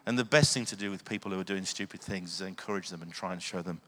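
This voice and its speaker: A man's voice: deep voice, fast, a bit bright. A man preaching a sermon, earnest, often asking the listeners questions. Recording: long hall reverb.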